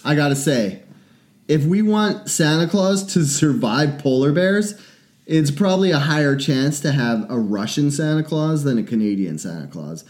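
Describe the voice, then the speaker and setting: A man in casual podcast chat, rambling and opinionated, swearing often as he thinks out loud. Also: a little high, expressive, moderate pace.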